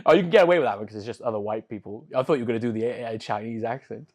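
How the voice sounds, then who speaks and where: A man hosting a casual podcast interview, chatty and jokey and quick to laugh. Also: medium pitch, a little mellow. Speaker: podcast host. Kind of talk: casual chat.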